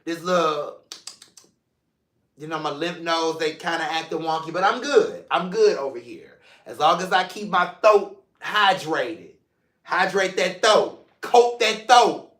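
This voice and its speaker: A man hosts his own vlog in a loose, playful, affectionate way, speaking straight to his viewers. His voice sits a bit high and sounds vivid and bright. The room around him is noticeably echoey. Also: unhurried. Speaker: mental health show host. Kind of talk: casual solo vlog talk. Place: seated in a room at home.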